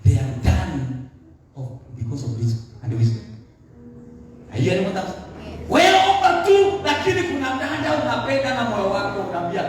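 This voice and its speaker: A Kenyan pastor delivers a sermon in a high, swooping voice, moving between English and Swahili phrases. He is very animated and speaks at a normal speed, his voice ringing through a church hall and sounding slightly distant from the mic. Soft music plays faintly beneath, with a little background noise.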